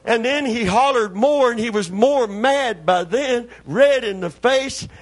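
A man, a preacher telling a folksy, animated story during a sermon. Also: very high voice, measured pace. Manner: folksy, animated, acts out voices.

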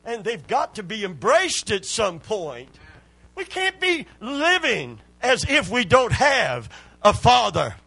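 A male preacher delivering a sermon, moving from hushed, drawn-out scripture lines to loud exhortation. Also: high voice, wildly swooping pitch, creaky, husky, no echo.

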